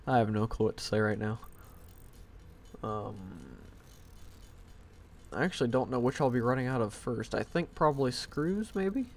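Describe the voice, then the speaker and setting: A man's voice: mid-range voice, unhurried, long pauses. A man streaming a game live from home on a headset mic, thinking aloud in a rambling, self-deprecating way. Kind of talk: casual live-stream commentary.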